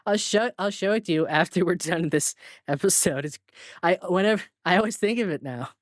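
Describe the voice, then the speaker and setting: A man's voice: high-pitched, brisk, no room sound, clean studio sound. A man co-hosting a casual movie podcast who laughs often and tells dad jokes. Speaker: podcast co-host.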